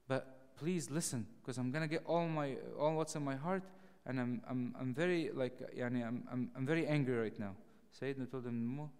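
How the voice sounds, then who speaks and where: A clergyman teaching a Bible study in a lively, animated way, raising his voice to act out the dialogue. His voice sits at an ordinary male pitch. It rings with the long reverb of a large hall. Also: smooth. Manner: animated, acts out dialogue in raised voice.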